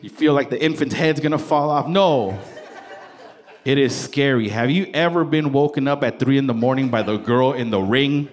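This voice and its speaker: A man in his thirties performing a playful, conversational stand-up set, slipping into quick voices for his wife and kids. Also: mid-range voice. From Salvadoran heritage. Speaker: stand-up comedian. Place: comedy stage before a live audience. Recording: live crowd laughter and room noise.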